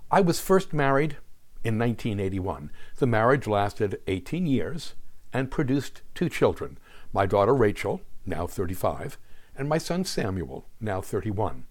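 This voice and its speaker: A man's voice: on the low side, sing-song, unhurried. A man in his sixties from New Jersey, a show host delivering scripted narration with a wry, sardonic storytelling manner. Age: 60s. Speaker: podcast host.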